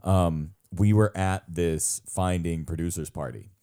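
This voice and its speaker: A man's voice: deep voice, measured pace, dark tone. A young man co-hosting a podcast, telling a long funny story in casual chat, laughing often and mimicking other people's voices. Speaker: podcast co-host.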